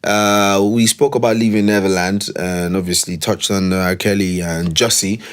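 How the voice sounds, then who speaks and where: A man's voice: low-pitched, steady tone, normal speed, smooth. A man co-hosting a casual podcast, insistent and teasing, often talking over his partner. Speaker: podcast co-host. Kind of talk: casual chat.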